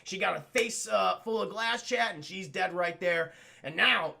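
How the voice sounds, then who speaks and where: A male streamer recapping a film scene by scene in an animated, profane way, always calling out to his chat. His voice is high and gravelly, with a tense, bright edge. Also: measured pace. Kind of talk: casual livestream film recap.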